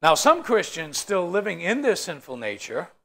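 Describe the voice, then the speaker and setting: A man's voice: high voice, wildly swooping pitch, normal speed, creaky, a bit bright. A man teaching a Bible study in a joking, storytelling way, often asking the group questions.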